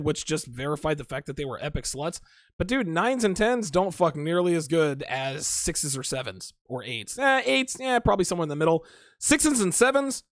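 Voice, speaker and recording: A man with a fairly high, very animated voice that swings up and down as he talks off the cuff on a livestream. He answers his chat bluntly, swears freely and laughs often. The sound is close and dry, with no room around it. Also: dry recording. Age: adult. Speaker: livestream host reading chat. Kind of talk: casual unscripted livestream chat.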